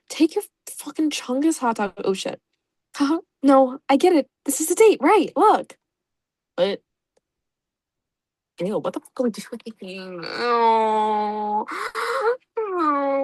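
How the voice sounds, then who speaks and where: A woman's voice: high voice, a little mellow, breathy edge, dry recording. A young woman YouTuber reading a story aloud and reacting to it with sarcastic, profane, self-mocking asides. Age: young adult.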